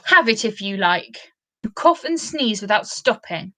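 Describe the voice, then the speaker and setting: A woman's voice: medium pitch, big pitch swings, a little slow, pushed and bright. A woman doing a snappish, hot-tempered pixie. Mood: angry.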